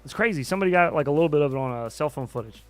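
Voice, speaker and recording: This livestream host races through loose, rambling chatter while flying a drone simulator, swearing often. His voice is a little high, clear and resonant, with lively intonation and faint background music.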